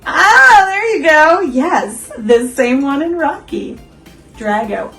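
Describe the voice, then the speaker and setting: Casual, giggly woman host chatting through a coffee review at home, with soft music under her voice. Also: sits high, expressive, takes it slowly, gravelly, rough recording. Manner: chatty and giggly, quizzes viewers, asides to her dog.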